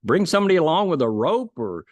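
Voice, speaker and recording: A man's voice: on the high side, sing-song, fast, no echo, voice pushed up. A man voicing a panicked hiker clinging to a cliff, pleading and arguing to be saved.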